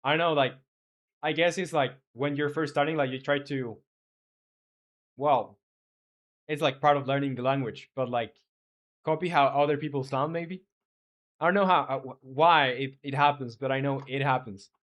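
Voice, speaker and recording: A man, not a native English speaker, live streaming as a game developer, thinking aloud while he codes and chats with viewers in halting speech full of fillers. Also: medium pitch, fairly bright tone, highs cut off.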